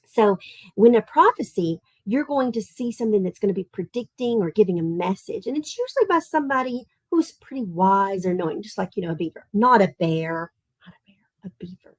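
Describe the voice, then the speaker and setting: A woman with a Southern Tennessee accent leads children through an online literature lesson over a video call. Her talk is chatty and animated, full of questions to the kids, and she slows to a measured rhythm when she reads verse. The sound is dry and close. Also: mid-range voice, dry recording, low-quality recording. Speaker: teacher leading an online summer literature camp.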